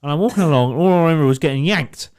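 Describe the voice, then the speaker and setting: A young man on a podcast, telling a swearing, animated anecdote with quoted voices in casual chat. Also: a little high, rapid-fire. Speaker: podcast co-host.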